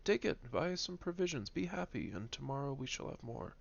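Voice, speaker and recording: A man's voice: medium pitch, sing-song, fairly quick, creaky, dull audio, pitched above the performer's own voice. A man voicing an eager, earnest young sailor in a read-aloud novel, speaking urgently.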